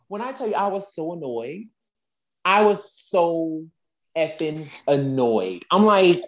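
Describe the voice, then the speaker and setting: Woman podcast co-host, low voice, very animated and emphatic, casual chat. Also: moderate pace. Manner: animated, emphatic, exasperated storytelling.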